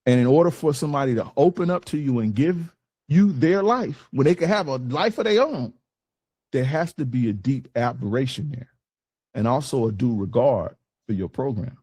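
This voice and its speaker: A man's voice: medium pitch, expressive, moderate pace, darkish tone, slightly rough, no room sound. Blunt, profane man coaching on dating. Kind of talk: casual coaching talk to a group.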